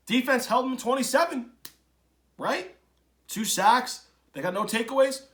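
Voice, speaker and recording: A man hosting a sports podcast, talking bluntly and ranting, swinging from loud outbursts to low mutters. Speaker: podcast host. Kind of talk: casual opinionated sports talk.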